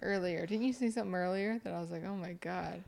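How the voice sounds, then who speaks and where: A woman's voice: lowish voice, fast, gravelly, darkish tone. A woman co-hosting a casual podcast chat, teasing her co-host and finishing his sentences.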